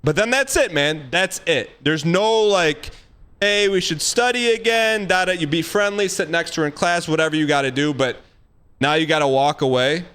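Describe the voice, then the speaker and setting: A man's voice: fairly high pitch, moderate pace, fairly bright tone, smooth. A man streaming live and giving blunt, emphatic dating advice in casual chat, repeating himself for emphasis. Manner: emphatic, repetitive, blunt, acts out quoted lines.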